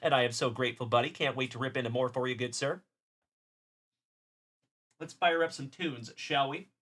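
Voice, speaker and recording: A man's voice: mid-range voice, moderate pace, fairly bright tone. A middle-aged man from South Texas hosting a casual card-breaking livestream, chatty and upbeat, greeting viewers by name.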